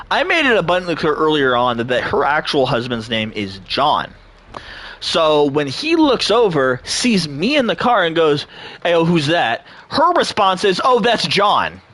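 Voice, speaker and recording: A young gaming channel host tells a long personal story in a relaxed, animated way, cursing freely, laughing often and imitating the people he quotes. His voice is on the high side and moderately paced.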